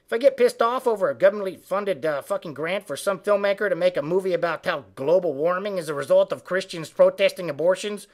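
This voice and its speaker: A man's voice: high voice, brisk, hardly any pauses, natural voice. A man doing Frog, a foul-mouthed ranting frog. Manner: profane, indignant, shouting tirades. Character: foul-mouthed angry male frog pundit. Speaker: web comedy ranter. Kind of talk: comic political rant.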